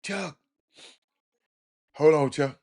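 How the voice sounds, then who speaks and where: A man's voice: a little high, very slow. A man with a Houston accent hosting a casual sports talk stream, laughing often and talking straight to his chat. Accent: Houston, Texas. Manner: animated, laughing, talks to chat. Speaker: livestream host.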